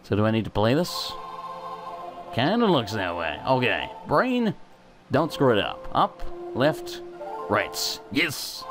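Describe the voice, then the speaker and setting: Brief: young male let's play host, swears a lot, pitch swings wildly, soft game music under him. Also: takes it slowly, pauses often. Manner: sweary, self-mocking, excitable. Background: faint game music.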